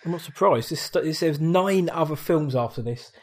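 A man talks films in a loose, chatty way. His voice sits a little high. He drops into quick mimicry of film lines as he goes. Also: breathy edge. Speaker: podcast co-host. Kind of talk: casual film review chat.

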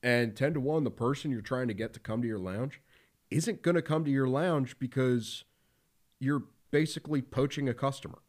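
A man's voice: medium pitch, moderate pace. A man hosting a podcast in casual talk, blunt and profane, with lots of fillers. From Philadelphia area. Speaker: podcast host.

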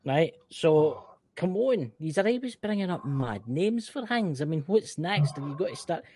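Animated Scottish man co-hosting. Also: on the high side, moderate pace, dry recording. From Scotland. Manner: animated, exclaiming, many restarts. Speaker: podcast co-host. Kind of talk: casual chat.

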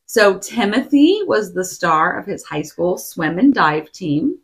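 A woman co-hosts a casual podcast chat, telling a story full of giggles and attempting silly accents. Her medium-pitched voice is sing-song and unhurried.

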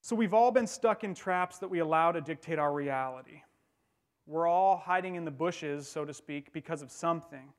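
A man with a slightly higher-than-usual voice preaches to his church. He talks in a loose, conversational way and slips in dry jokes between his points. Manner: conversational, wry humor while preaching. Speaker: pastor. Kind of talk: sermon.

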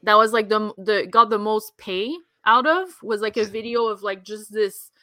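A woman with a bright, sharp voice tells a crude secondhand story. She hesitates and trails off with fillers. The sound is dry and close. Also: mid-range voice, normal speed, no echo. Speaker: podcast co-host. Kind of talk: crude casual chat.

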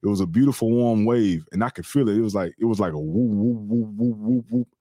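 A middle-aged man hosting a podcast, telling a personal story in an earnest, animated, slangy way. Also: fairly low pitch, a little fast, no room sound, clean studio sound. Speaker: podcast host. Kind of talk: casual storytelling chat.

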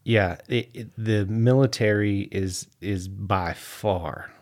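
A man's voice: fairly low pitch, slow. A man, an Army veteran, telling stories in a podcast interview, acting out quotes and laughing often. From United States. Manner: animated storyteller, acts out quotes, laughs often.

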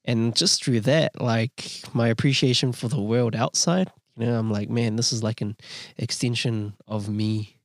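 A young man, hosting a podcast, asking questions and reflecting in a measured, thoughtful way. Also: mid-range voice, fairly even intonation, no room sound, clean studio sound. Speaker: podcast host. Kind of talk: casual podcast interview.

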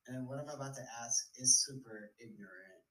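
A man's voice: mid-range voice, moderate pace, fairly bright tone. A man from Germany, raised in the U.S., chatting casually as a guest in a laid-back, slangy way over a remote call. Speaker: podcast guest. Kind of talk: casual chat. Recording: roomy, distant mic.

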